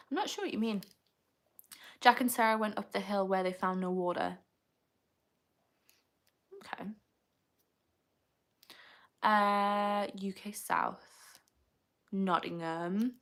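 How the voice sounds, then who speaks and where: A young woman talks casually on her livestream at a middling pitch. She rambles from one thought to the next, reads viewer comments aloud and laughs readily along the way. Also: a bit bright. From United Kingdom. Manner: chatty and rambling, quick to laugh. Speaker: livestream host.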